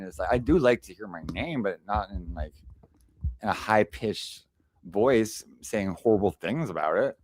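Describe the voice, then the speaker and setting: Through a desk microphone with no echo, a man with a mid-range voice hosts a livestream panel presentation, rambling and sarcastic, with plenty of restarts and asides.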